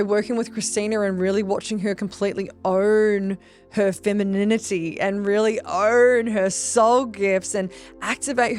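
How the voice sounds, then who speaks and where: A woman, a business coach and podcast host, talking in an earnest, emphatic way with casual swearing and lots of fillers. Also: mid-range voice. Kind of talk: casual motivational talk.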